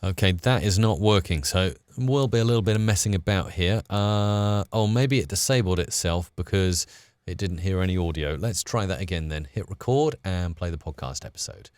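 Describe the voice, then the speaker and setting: British man, live how-to host, chatty, upbeat, slightly low pitch, dry mic. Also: moderate pace, darkish tone, smooth, dry recording. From United Kingdom. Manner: chatty, upbeat, filler-heavy. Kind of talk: live screen-share tutorial.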